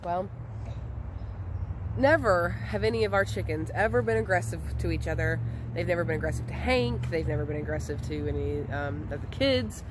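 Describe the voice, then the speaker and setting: A woman's voice: lowish voice, animated, moderate pace, noisy background. A woman, chatting casually and rambling with lots of ums as she talks to camera outdoors by a chicken coop. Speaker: homestead vlogger.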